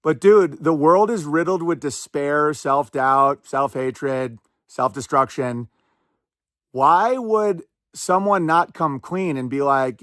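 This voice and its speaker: A male podcast host talking in a somewhat high voice, rambling through sarcastic commentary full of quick asides. The sound is dry and close, with no room echo. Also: fairly bright tone. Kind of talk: casual commentary.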